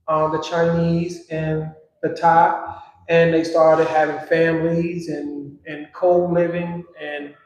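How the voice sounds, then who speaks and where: A man's voice: on the high side, a little mellow, dull audio. Rambling man in a very echoey room. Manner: rambling, many fillers and "you know"s. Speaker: guest on a live talk stream. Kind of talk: casual chat.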